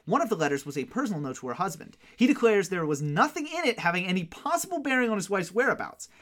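Podcast co-host, wry and relaxed, reads news clippings aloud, pitch swinging up and down. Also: fast talker. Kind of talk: casual chat, reading news articles aloud.

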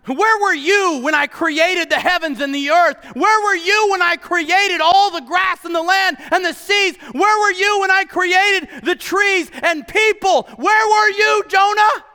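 A man voicing God, shouting stern questions at a sulking prophet. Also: a little slow, hardly any pauses, long reverb tail, exaggerated voice. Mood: thundering. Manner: shouting, booming rhetorical questions.

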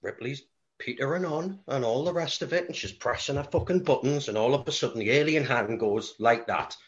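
A man's voice: mid-range voice, brisk, muffled recording. A man telling a film story as a comic, profane rant, full of put-on voices.

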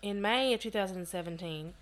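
A woman co-hosts a casual true-crime podcast, reading case details aloud at an even, middling pitch. She keeps stopping to add loose, chatty asides and the odd laugh before going back to the notes. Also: fairly quick, a little hiss or hum. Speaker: podcast co-host.

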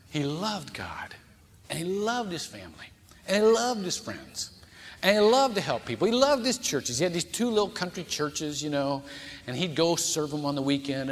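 A male pastor preaching a storytelling sermon in a conversational, folksy and animated manner. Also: on the high side, a little hiss or hum. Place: church sanctuary. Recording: long church reverb.

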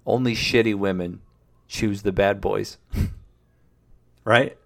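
A young man with a lowish voice talks casually to his live chat, handing out dating advice. He is blunt and swears freely, speaking straight at the viewer. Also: steady tone, slow, creaky, a bit bright. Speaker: livestream host.

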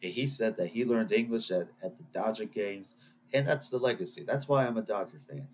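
A man's voice: on the low side, a little fast, a little hiss or hum. A man hosting his own podcast, ranting and rambling in a self-deprecating way. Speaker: podcast host. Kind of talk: solo rant podcast.

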